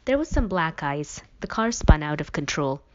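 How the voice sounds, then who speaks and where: A woman's voice: low voice, very animated, moderate pace, darkish tone. A woman voicing an injured teenage boy with a sarcastic, self-mocking manner. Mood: weary. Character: injured teenage boy, wry and dry-witted. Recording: dull lo-fi recording.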